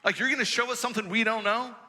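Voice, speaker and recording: A man voicing scornful, contemptuous male religious leaders, mocking and accusing in a loud voice. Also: very high-pitched, fairly even intonation, racing, in a large hall, pitched above the performer's own voice, full character voice.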